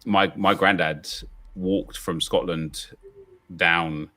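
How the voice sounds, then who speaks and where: A man's voice: sits low, steady tone, takes it slowly, pushed and bright. A man chatting casually on a livestream, laid-back with lots of fillers and easy laughter. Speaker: co-streamer.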